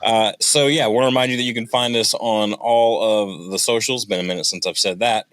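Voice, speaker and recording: Male podcast host, fairly low voice, chatty and playful, reads the promos with ease. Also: steady tone, moderate pace, hardly any pauses, fairly bright tone, dry recording. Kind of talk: casual podcast chat.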